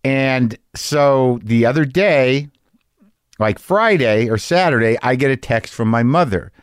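A middle-aged man from New Jersey hosting a casual interview chat in a garage studio, talking in a wry, needling way with halting restarts. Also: mid-range voice, lively intonation, clean tone, no echo. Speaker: podcast host.

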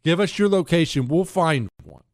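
A middle-aged man hosting a talk radio show, delivering an opinionated monologue in an animated, indignant way that swings between loud outbursts and quiet asides. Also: a little high, normal speed, dry recording, clean studio sound.

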